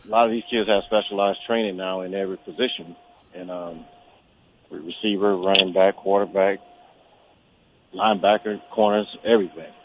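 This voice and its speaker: Male phone-in guest, low relaxed voice, tinny line with faint noise. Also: normal speed. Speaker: guest, former quarterback coach. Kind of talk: phone interview.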